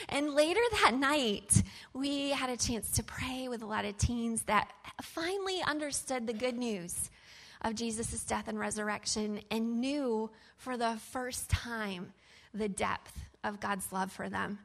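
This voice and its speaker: A woman's voice: fairly high pitch, measured pace, a bit bright. A woman animatedly telling a personal story from her camp ministry work, in a chatty style full of fillers.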